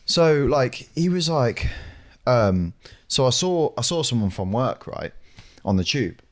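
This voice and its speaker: A young man with a British English accent, co-hosting a podcast and telling a casual story, animated and sweary, acting out what people said. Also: mid-range voice, unhurried. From Britain. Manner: animated, sweary, acts out dialogue. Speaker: podcast co-host.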